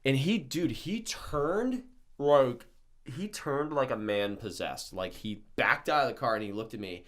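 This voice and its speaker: A man's voice: mid-range voice, measured pace. A young man casually telling a wild story on a podcast, swearing freely and acting out what people said. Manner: animated, swears a lot, acts out quotes.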